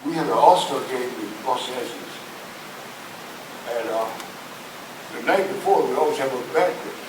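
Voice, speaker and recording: A man's voice: mid-range voice, moderate pace. An older man, a former player, telling anecdotes with a chuckle and acting out the voices of the people he quotes. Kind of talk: anecdotal storytelling. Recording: distant echoey hissy recording.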